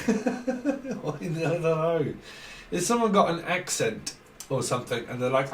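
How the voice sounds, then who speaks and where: Man, rambling tarot reading, slightly high voice, roomy room, distant mic. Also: expressive, slow. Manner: rambling word association, frequent laughs, trailing restarts. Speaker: tarot reader. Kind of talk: casual channelled tarot reading.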